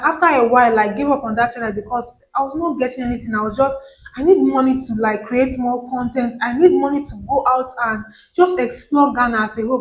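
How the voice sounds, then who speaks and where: A woman's voice: a little high, poor audio. A woman from Nigeria with a Nigerian accent, chatting casually to camera as a vlogger and repeating words for emphasis.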